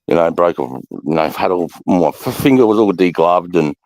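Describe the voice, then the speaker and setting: An Australian man in his thirties telling rough army stories in casual chat, swearing constantly and loudly mimicking people. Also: low voice, moderate pace, no echo. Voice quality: coarse, swears constantly, loud impersonations. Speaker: podcast co-host, ex-army instructor.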